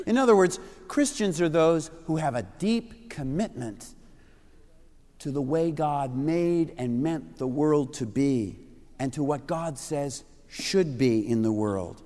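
Middle-aged male pastor, earnest emphatic sermon for youth; higher voice, reverberant sanctuary. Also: animated, slow pace, dark tone. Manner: earnest, emphatic, repeats key phrases.

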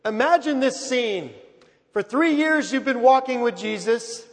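A man preaching from the pulpit with a high, carrying voice. He is emphatic, rising to loud calls and then dropping to a hush. The long reverb of a large church hangs behind him. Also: measured pace. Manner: emphatic, swings from loud to hushed. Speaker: pastor. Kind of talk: sermon.

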